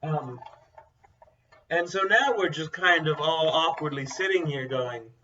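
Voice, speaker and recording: A man's voice: fairly high pitch, unhurried, sharp tone. A young man chatting casually as a co-host. He talks bluntly and rambles, full of fillers. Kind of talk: casual chat. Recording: dull, distant mic sound.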